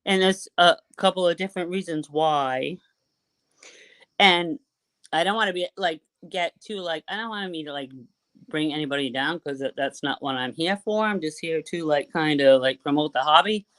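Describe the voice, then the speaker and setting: Excitable woman with a Boston accent. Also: low voice, moderate pace. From Boston, USA. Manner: excitable, chatty, swears casually. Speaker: caller guest. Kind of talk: casual live chat.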